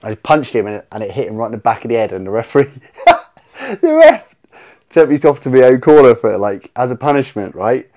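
A man, a podcast guest telling animated stories in casual chat, swearing freely and acting out his own reactions. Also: medium pitch, a little fast.

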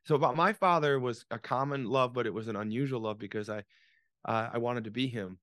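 A man's voice: mid-range voice, a little fast, a bit bright, no room sound. A man in his sixties, a podcast guest, telling a story dramatically with many restarts and repeated words. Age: 60s. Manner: dramatic, repetitive, frequent restarts. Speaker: podcast guest, author and business coach. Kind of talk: conversational storytelling.

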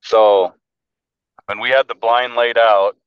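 Man, low voice, muffled dry lo-fi sound, halting storyteller. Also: fairly even intonation, clear, resonant tone, dry recording. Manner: halting, restarting often. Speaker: hunting buddy. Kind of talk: casual storytelling chat. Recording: muffled lo-fi recording.

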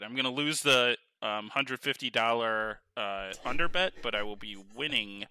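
An excitable man chatting on a podcast, rambling and breaking into laughs. His voice is very bright and edgy. The sound is dry and close. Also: medium pitch, normal speed, hardly any pauses, smooth, dry recording. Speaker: podcast co-host. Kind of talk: casual chat. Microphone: headphones on, podcast mic.

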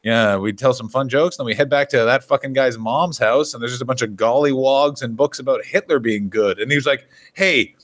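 A man's voice: medium pitch, a little fast, hardly any pauses. A man, a comedian co-hosting a podcast, telling loose, profane stories in casual chat. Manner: loose, profane tour storytelling.

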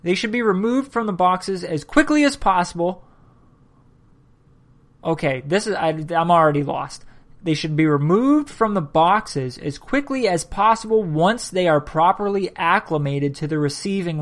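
A man's voice: sits high, animated. Tired man reading sources aloud. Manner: reads aloud haltingly, stumbles and comments as he goes. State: tired, yawning. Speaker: podcast host. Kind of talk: casual solo podcast, reading sources aloud.

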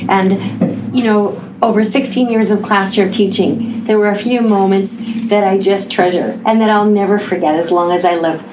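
A woman's voice: medium pitch, fairly even intonation, normal speed, noisy background. A woman who taught school recalling a classroom memory, amused and often laughing. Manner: amused, laughing through the telling. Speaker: teacher. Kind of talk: personal anecdote.

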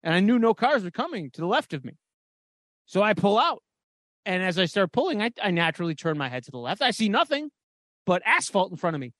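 Man, podcast co-host, lively storytelling, swears a lot, dry close mic. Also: high voice, quick pace, dry recording. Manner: animated storyteller, swears freely. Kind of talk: casual chat.

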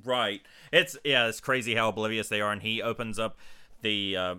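Podcast co-host, male, low and bright-toned, dry mic, retells scenes in lively profane chat. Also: moderate pace, dry recording. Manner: retelling scenes, quoting lines in gruff voices, swears a lot. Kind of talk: casual movie recap chat.

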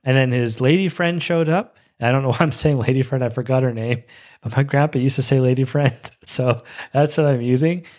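A young man hosting a show, casually reviewing an episode with bursts of excited, high-pitched enthusiasm. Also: fairly quick. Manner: excitable, breaks into high-pitched squeals of delight.

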